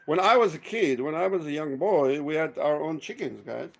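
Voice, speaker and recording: A man hosting a casual livestream chat, swearing a lot and telling stories with animated energy. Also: on the high side, normal speed, gravelly. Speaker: livestream host.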